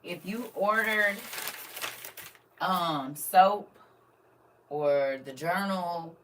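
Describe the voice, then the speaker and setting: A woman's voice: lowish voice, drawn-out words, a bit bright, distant mic, a little hiss or hum. An older woman, chatting casually to viewers on a live stream and talking straight to them. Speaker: vlogger.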